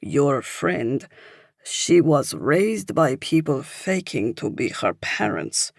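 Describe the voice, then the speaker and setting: A woman's voice: deep voice, sing-song, gravelly, no room sound, clean studio sound, exaggerated voice. A woman putting on a friendly old Frenchman with a thick accent. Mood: kindly. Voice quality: thick accent, halting for words. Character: friendly older French man.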